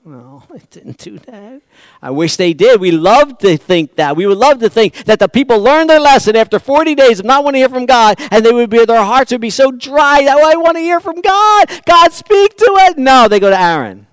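High-voiced preacher firing off questions. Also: male voice, animated, a little fast, clean tone, no room sound. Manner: asks the congregation rhetorical questions; swings from quiet to loud and emphatic. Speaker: pastor. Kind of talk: sermon.

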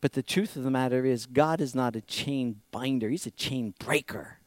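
A man's voice: medium pitch, normal speed, no echo. A middle-aged man preaching a sermon, acting out quotes with big swings in volume. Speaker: pastor.

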